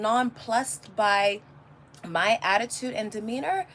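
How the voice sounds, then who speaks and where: A woman's voice: mid-range voice, moderate pace, fairly bright tone, a little hiss or hum. A homeschooling mother chatting casually on a livestream, telling rambling stories full of restarts. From California. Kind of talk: casual live chat. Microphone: phone or webcam, answering a live chat.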